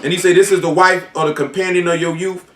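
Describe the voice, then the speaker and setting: Echoey, distant preacher, raised voice. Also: male voice, high voice, little pitch movement, fast, slight background noise. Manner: reads scripture aloud, then explains it in loose colloquial speech. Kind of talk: sermon.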